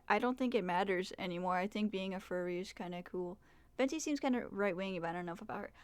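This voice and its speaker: A woman's voice: medium pitch, clear, resonant tone, no room sound. A young adult woman chatting casually to viewers on a livestream, swearing and trailing off, at a desk microphone. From Mexican heritage. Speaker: streamer.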